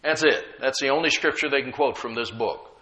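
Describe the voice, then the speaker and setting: A man preaching a sermon as pastor, moving from quiet storytelling to loud, emphatic calls and checking in with the congregation. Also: medium pitch, brisk, low-quality recording. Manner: talks directly to the congregation with call-and-response checks.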